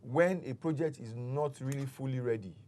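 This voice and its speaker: A man speaks as a real estate guest on a talk show. His pitch sits in an ordinary middle range. He explains patiently, step by step, and leans on examples. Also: normal speed, darkish tone.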